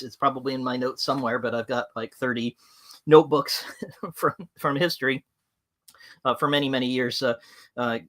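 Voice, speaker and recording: A man's voice: mid-range voice, fairly bright tone. A man hosting a livestream, talking in a chatty, rambling way with lots of fillers. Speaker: livestream host. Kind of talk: opinionated livestream talk.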